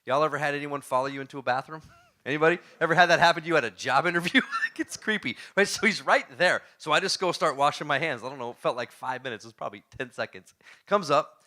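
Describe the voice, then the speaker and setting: Guy giving a storytelling talk, animated, laughs a lot, tense punchy tone. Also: on the high side, fast talker. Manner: animated, asks the audience questions; laughs often while telling stories. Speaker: motivational speaker. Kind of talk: storytelling talk to a live audience.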